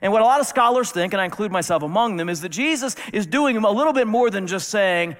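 A man's voice: high-pitched, big pitch swings, normal speed. Male preacher, conversational and wry, longish reverb of a large room. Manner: casual, wry asides, repeats words when restarting. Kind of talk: conversational sermon. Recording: long reverb of a large hall.

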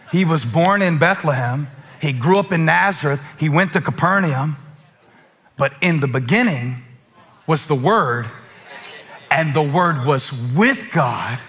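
A man from South Carolina preaching a sermon as pastor, dropping to a hush then building to shouts with repeated rhetorical questions. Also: a little high, slight background noise. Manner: dramatic preaching, swings from hushed to shouting; rhetorical questions and call-and-response with congregation.

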